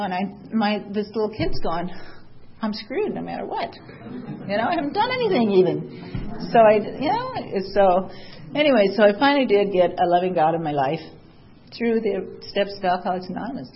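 A woman's voice: medium pitch, slight background noise. Woman from Southern California, candid recovery share, chatty with lots of fillers, wry, dull muffled recording. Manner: candid and chatty, many "you know" fillers, wry laughs. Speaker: speaker sharing at a recovery meeting. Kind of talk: personal recovery story, casual.

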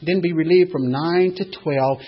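Husky and on the high side, the older man's voice moves at a normal speed as he shares an emotional, earnest story of his own at a recovery meeting. The recording is dull and lo-fi.

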